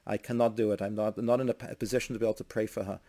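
A man acting out a poor impostor overwhelmed by guilt. He speaks low and hesitantly, repeating himself as he apologizes. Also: fairly even intonation, rapid-fire, warm tone, lightly acted. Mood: apologetic. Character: guilty poor man faking a holy role.

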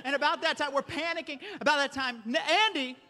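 A man from the American South preaching a sermon, telling stories with lively energy and calling out to the congregation. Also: very high voice, a little fast. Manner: animated storytelling, preacherly call-outs. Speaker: pastor. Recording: reverberant hall.

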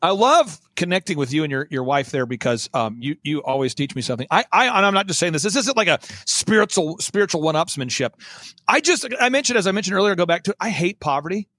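A man's voice: sits high, very animated, fairly bright tone, no echo. A man talking as a guest on a talk show, emphatic and driving, repeating his points for effect. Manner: emphatic, repetitive, fast-driving. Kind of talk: energetic talk-show conversation.

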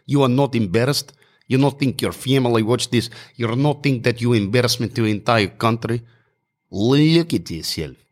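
A man's voice: mid-range voice, moderate pace, close to an everyday voice. A man putting on a voice as a furious young male tennis player berating an umpire, badgering and repetitive. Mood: scornful. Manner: shouting demands, repetitive and badgering.

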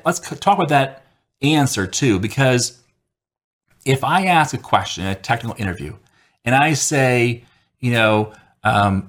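A man who works as a software developer, giving casual, conversational advice on technical interviews, rambling a little and acting out quotes. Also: medium pitch.

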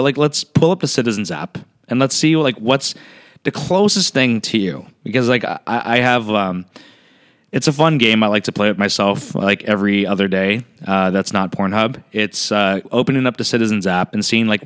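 A man co-hosting a casual chat, talking fast with lots of fillers, swearing, joking and acting out quotes. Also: lowish voice, clean tone. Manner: animated, filler-heavy, swears and jokes, acts out quotes. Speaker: podcast co-host.

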